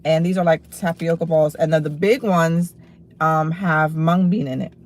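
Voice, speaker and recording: A woman on a casual livestream, chatting while she eats, blunt and profane as she snaps back at her chat and then eases into relaxed talk about her food. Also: sits low, normal speed.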